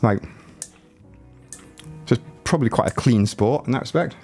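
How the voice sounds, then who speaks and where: A man's voice: mid-range voice, expressive, moderate pace, warm tone, faint music behind. A man livestreaming from home with a chest cold that leaves his voice rattly, chatting and joking with his viewers in a loose, rambling way. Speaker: livestreaming YouTuber. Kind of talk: casual livestream chat. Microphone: desk mic, no headphones.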